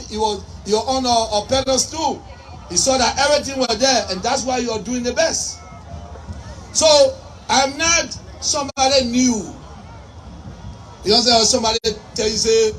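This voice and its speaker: A woman with a Liberian English accent giving a fiery campaign speech, shouting and firing off repeated rhetorical questions. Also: fairly high pitch. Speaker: politician. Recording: distant mic with faint crowd and noise.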